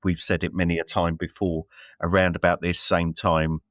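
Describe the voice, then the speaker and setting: A man's voice: deep voice, little pitch movement, normal speed, fairly bright tone, no echo, muffled recording. A man co-hosting a casual film review chat, rambling with many fillers and restarts. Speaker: podcast co-host.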